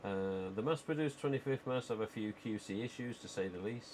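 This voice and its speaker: Man, low voice, livestream host, rambling casual chat, "you know" fillers. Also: brisk, a little mellow, a little hiss or hum. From England.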